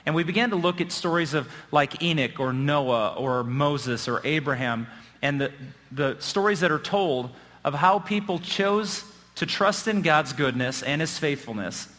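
A middle-aged man preaching a sermon as pastor, telling stories with self-deprecating humor and building excitement. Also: a little high, normal speed. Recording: long hall reverb.

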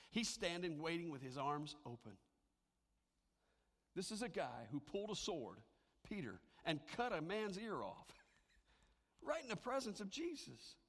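A man preaching a sermon to a congregation, animated and conversational, sometimes dropping to a hushed, near-whispered delivery for emphasis. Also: fairly high pitch, in a large hall. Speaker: pastor.

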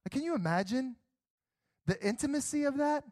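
A young adult man preaching a sermon, telling stories with acted-out dialogue and rising to near shouts. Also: very high-pitched, a little fast, no room sound. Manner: animated storytelling, acts out dialogue, rises to near shouts.

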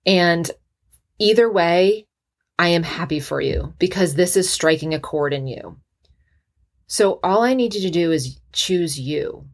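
A woman's voice: lowish voice, lively intonation, measured pace. A middle-aged woman hosting a podcast, speaking earnestly and with emotion in a motivational monologue. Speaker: podcast host, physician assistant.

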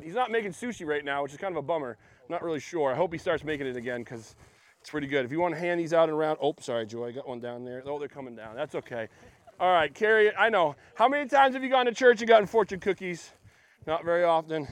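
A man's voice: on the high side, no room sound. A man preaching a casual sermon in a church, chatty and joking with the congregation. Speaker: pastor.

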